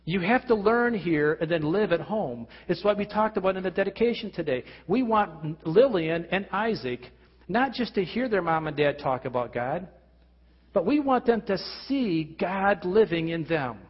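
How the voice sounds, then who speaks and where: Male pastor, slightly high husky voice, earnest sermon, lo-fi hall recording. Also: expressive, moderate pace. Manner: earnest preaching with frequent restarts and rhetorical questions. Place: church hall. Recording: lo-fi recording with long hall reverb.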